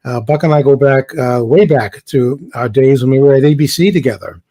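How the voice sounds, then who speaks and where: A man's voice: medium pitch, brisk, warm tone. An older man from New York, a guest on a casual interview, cracking dry jokes. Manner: dry wisecracking humor.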